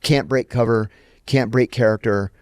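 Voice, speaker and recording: A man's voice: medium pitch, moderate pace, smooth, no echo, studio quality. A middle-aged man telling a long anecdote in an interview, acting out the lines he quotes. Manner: animated anecdote teller, acts out quoted lines. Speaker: guest, former intelligence officer. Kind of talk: storytelling in an interview.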